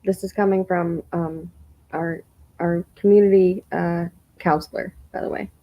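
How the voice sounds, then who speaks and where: A woman's voice: lowish voice, steady tone, measured pace, dull audio. Incredulous woman, mocking reaction commentary. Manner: incredulous, mocking, swears casually. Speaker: streamer reacting to a clip.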